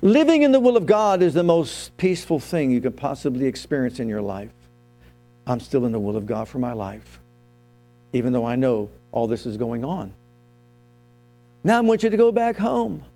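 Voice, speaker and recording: A man's voice: mid-range voice, sing-song, moderate pace, warm tone, soft background music. A man preaching a sermon as pastor, telling his own story and asking the congregation questions.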